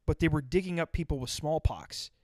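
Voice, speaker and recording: A man's voice: on the high side, fairly quick, a little mellow, no room sound, studio quality. A man telling rambling, profane stories in casual chat, full of restarts and fillers.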